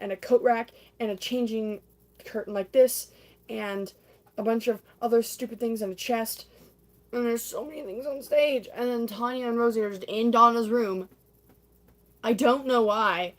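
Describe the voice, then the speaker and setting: A young woman with a voice on the high side chats casually on a livestream. She acts out scenes from a stage musical, breaking into snippets of song.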